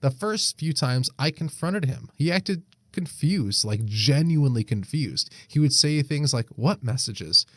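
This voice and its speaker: A man's voice: mid-range voice, lively intonation, measured pace, few pauses, no room sound, studio quality. A young man, co-hosting a podcast in casual chat, reading a Reddit post aloud, swearing freely and laughing often. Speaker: podcast co-host.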